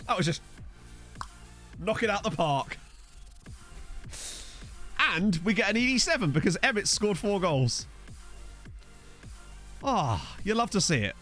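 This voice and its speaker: A man streaming a football management game, rambling and riffing with his chat between excitable outbursts. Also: high-pitched, a little slow, pauses often, faint music behind.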